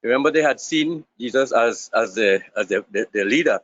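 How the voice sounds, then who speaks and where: A man's voice: medium pitch, animated, brisk, fairly bright tone, no room sound. A man in an online Bible class asking a question, hesitant and stumbling over his words. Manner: hesitant, stumbling, many restarts. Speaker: class participant. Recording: dull, dry online call audio.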